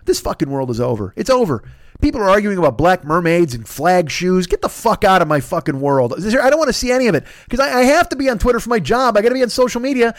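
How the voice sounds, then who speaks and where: A male podcast host rattles through a rambling comedy rant full of swearing. His voice is high and quick, recorded dry and close with no room sound. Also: big pitch swings, no room sound. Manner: rambling, profane riffing.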